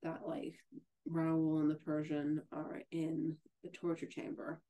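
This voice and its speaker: Low, flat-voiced woman chatting about books. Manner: halting, full of "like" and restarts. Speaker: podcast co-host. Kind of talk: casual book discussion.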